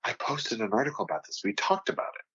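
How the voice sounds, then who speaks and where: A man co-hosting a podcast in easygoing casual chat. His voice sits a little low. The recording is dry and somewhat dull. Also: very animated, fast, sharp tone, husky, dry recording. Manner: easygoing, promotional asides. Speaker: podcast co-host. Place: home studio on video.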